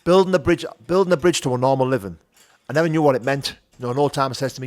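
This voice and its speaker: He's a man from the North of England with a mid-range voice who talks quickly. Appearing as a podcast guest, he tells his story frankly and conversationally, full of "you know" and "do you know what I mean".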